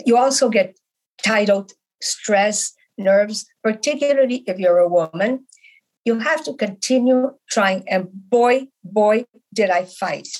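A woman's voice: mid-range voice, slow, a little mellow, rough recording. A middle-aged woman from Canada, a podcast guest, telling her story in earnest conversation and stressing her points with repeated words. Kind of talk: conversational interview.

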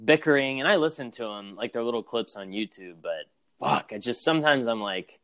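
A man's voice: medium pitch, lively intonation, a little fast, a bit bright. A man co-hosting a wrestling podcast in casual chat, blunt and cynical, swearing now and then. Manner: cynical, blunt, laughs along. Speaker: podcast co-host.

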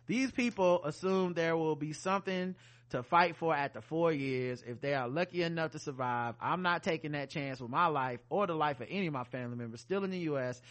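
With a voice on the high side and a bit bright, a man co-hosting a podcast reads out listener emails, breaking in with jokes along the way in a casual conversation.

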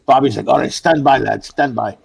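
A man, a stand-up comedian, telling profane, animated anecdotes in casual chat with fellow comics. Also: mid-range voice, brisk, creaky, slightly rough, no echo. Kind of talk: casual storytelling among comics.

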